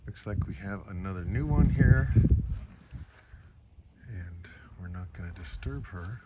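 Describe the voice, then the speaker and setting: A man, a sheep farmer, chatting relaxed in a casual farm vlog outside in a pasture, talking to his animals, recorded on a handheld camera. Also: sits low, measured pace. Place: outdoor pasture among solar panels. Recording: noisy outdoor recording.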